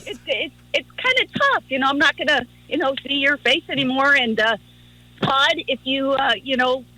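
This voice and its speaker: A woman's voice: high-pitched, moderate pace, no room sound, rough recording. A woman calling into a radio show, telling affectionate stories. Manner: warm, storytelling, affectionate. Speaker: caller, radio host. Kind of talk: phone-in tribute on radio.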